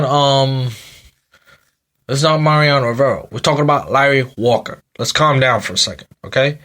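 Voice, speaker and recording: A man's voice: medium pitch, pushed and bright. A man in his thirties hosting a sports podcast, talking in a loose, rambling rant with many repeats and fillers, tired and yawning. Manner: rambling, repeats himself, frequent um and you know. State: sleepy, yawning. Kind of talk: casual sports commentary rant.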